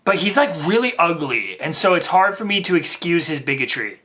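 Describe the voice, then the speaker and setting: A man hosts a casual reaction commentary, with a bright, forceful tone. He rambles with lots of fillers and mocks what he is reacting to. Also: fairly high pitch, sing-song, fairly quick. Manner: rambling, filler-heavy, mocking. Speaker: reaction video host.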